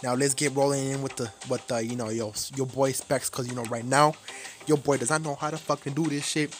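Give me a man doing excitable, swear-heavy gameplay commentary over a noisy, hissy recording. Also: medium pitch, a little fast. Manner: profane, excitable, self-mocking.

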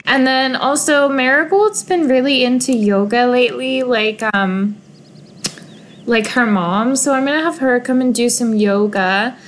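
Young woman, video game creator, slightly high voice, slow and emotional, casual play-along commentary, faint background noise. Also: rough recording. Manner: gushing and emotional, sighing over sad moments.

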